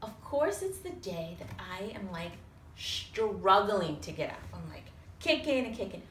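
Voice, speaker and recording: A woman telling a lively personal story to a small audience, acting out other people's voices and swearing casually. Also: medium pitch, a little slow. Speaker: storyteller on a talk show. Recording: roomy sound from a distance with faint noise.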